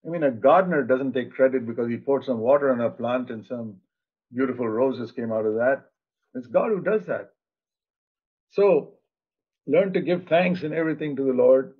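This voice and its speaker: A man's voice: mid-range voice, moderate pace, breathy edge. An older male preacher giving a sermon in an earnest, plain-spoken way, acting out bits of dialogue. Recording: tinny phone-like sound.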